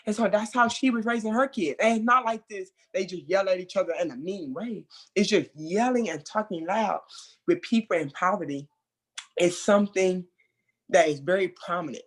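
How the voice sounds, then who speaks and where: A speaker leading a mentor training session in a conversational way, acting out remembered quotes loudly and laughing between points. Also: medium pitch, moderate pace.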